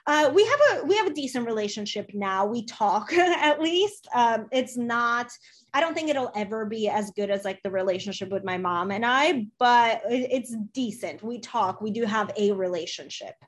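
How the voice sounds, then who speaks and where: A woman's voice: a little high, expressive, moderate pace. A young woman guest on a podcast, talking earnestly in casual conversation and often repeating herself.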